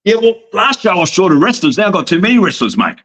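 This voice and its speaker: A man's voice: sits high, sing-song, fast talker, a bit bright. A slightly drunk Australian man, a wrestling promoter, telling rambling, profane, boastful stories in a casual podcast chat. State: a little drunk.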